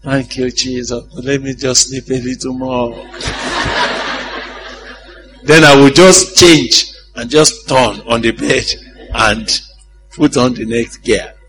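A man preaching a sermon in an animated, humorous way, often asking the congregation if they follow him. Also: mid-range voice, slow pace, pauses often, faint music behind, rough recording.

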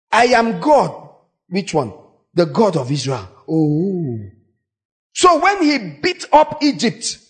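In an animated, theatrical sermon, a high-voiced male preacher performs quoted voices. Every so often he bursts into sudden shouting.

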